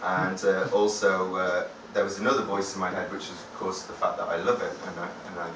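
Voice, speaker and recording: A man's voice: low voice, little pitch movement, fairly quick, noisy background. Rambling, swearing man on stage, far off. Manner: rambling, hesitant, swears freely. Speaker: singer-songwriter performing live. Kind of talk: stage banter between songs. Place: live music venue. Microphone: far-off audience camera. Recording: echoey gig hall from far off.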